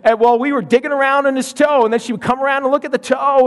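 A middle-aged man preaching with a notably high voice, his points landing hard as he drags out the key phrases. The sound has the long reverb of a large church hall, with the echo trailing after each line. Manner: emphatic, slowing down for key lines. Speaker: pastor. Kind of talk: sermon.

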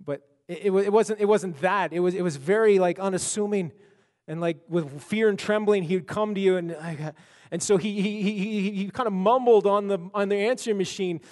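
A man preaching a sermon and telling a personal story, halting and repeating words as his intensity builds. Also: high voice, darkish tone, long reverb tail. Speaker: pastor.

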